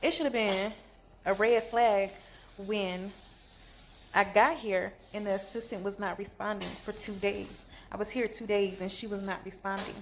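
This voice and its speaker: A woman telling a storytime vlog from a hospital bed after surgery, animated and exasperated, in pain. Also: medium pitch, moderate pace, a little hiss or hum. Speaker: vlogger.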